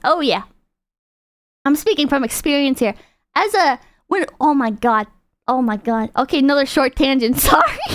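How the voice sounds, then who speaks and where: A woman's voice: sits high, dry recording. A woman streamer chatting casually while reacting to videos, rambling through tangents, cursing freely and laughing often.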